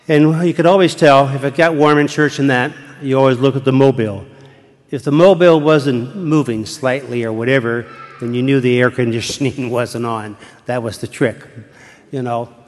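An older man, a retired priest, preaching a sermon in a church, telling the story slowly and dropping to a hushed whisper at times. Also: medium pitch, fairly even intonation. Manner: slow, deliberate storytelling with dramatic hushed whispers. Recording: long church reverb.

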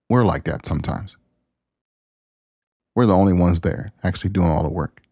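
A man with a low, deep voice hosts his own podcast in a casual monologue. He is folksy and preachy, with a plain-spoken way of talking. The sound is dry and close. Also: normal speed, pauses often, warm tone, breathy edge, no room sound. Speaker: podcast host.

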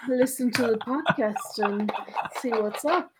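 Woman co-host, slightly high voice, off-mic, noisy distant recording. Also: unhurried. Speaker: podcast co-host. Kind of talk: casual chat. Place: away from the mic.

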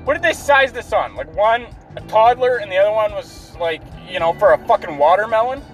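A man with a high, light voice rants about his day, swearing freely and sounding fed up throughout. He talks from inside a car, with faint music playing in the background. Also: lively intonation, a little fast. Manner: profane, exasperated ranting. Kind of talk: ranting story.

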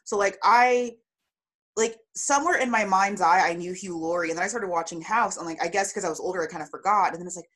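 A woman co-hosting a podcast, talking in a chatty, animated way with lots of fillers. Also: mid-range voice, quick pace. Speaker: podcast co-host. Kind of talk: casual chat.

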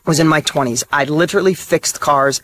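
A motivational speaker, a middle-aged man whose voice sits notably high for a man, drives his points home in short hammered phrases. He talks bluntly and candidly, letting a mild curse slip now and then. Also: a little fast, fairly bright tone. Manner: emphatic, punchy repeated short statements. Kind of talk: motivational monologue.

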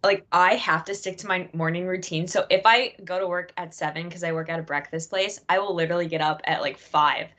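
A woman's voice: lowish voice, fairly even intonation, fairly quick, hardly any pauses, a bit bright. A young woman hosting a casual group chat, asking questions in an upbeat, chatty way and laughing easily. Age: young adult. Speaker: discussion host.

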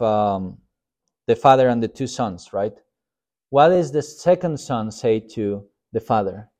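A man's voice: medium pitch, darkish tone. A man, a pastor, giving a casual Sunday school sermon in a conversational, self-deprecating way. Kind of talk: informal sermon.

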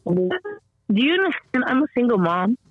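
A woman as a podcast guest tells her story in an animated, rambling way, full of fillers and restarts, and acts out the people she quotes. Her voice sounds slightly strained. The recording is dull and lo-fi with a dry, close sound. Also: fairly high pitch, normal speed, husky, dry recording, soft background music. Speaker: podcast guest, mother of an autistic son. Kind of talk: conversational storytelling interview.

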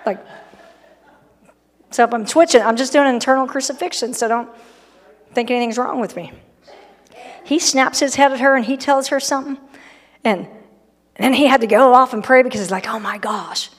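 A middle-aged woman preaches in a church, her voice a touch high and lifting into long hall reverb. She talks in a casual, joking way, acting out little voices for the people in her story. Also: brisk, long pauses. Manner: conversational and humorous, acting out people. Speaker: pastor. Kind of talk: sermon. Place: church sanctuary.

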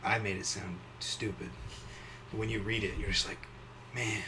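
Rambling male podcast host, lower voice. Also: normal speed, noisy background. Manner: rambling, many fillers, animated impressions. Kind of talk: casual podcast chat.

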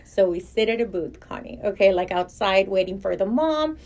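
A woman guest on a podcast, telling a story in a lively, casual way and acting out what other people said. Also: medium pitch, normal speed. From grew up in a Hispanic household. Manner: animated, acts out other people's lines in quotes.

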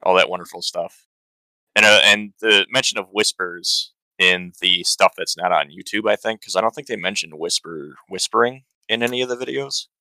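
A man co-hosting a podcast, talking in a casual, halting way. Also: deep voice, pushed and bright, no echo, rough recording. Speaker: podcast co-host.

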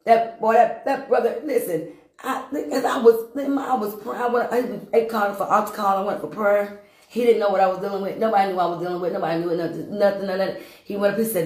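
A woman's voice: medium pitch, fairly even intonation, fairly quick, darkish tone. A woman preaching her testimony in an emphatic, repetitive way, with sudden bursts of laughter. Her voice sits mid-range for a woman. The recording carries a roomy echo. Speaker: minister giving testimony.

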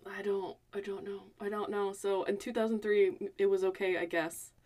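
A woman's voice: medium pitch, little pitch movement, normal speed, a little mellow. A woman co-hosting a casual podcast, chattily recapping a movie plot and laughing often. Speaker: podcast co-host.

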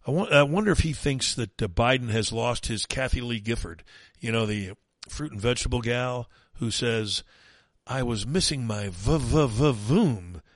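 A man's voice: mid-range voice, normal speed, a bit bright, dry recording. A man hosting a talk radio show, delivering an opinionated, mocking and emphatic monologue.

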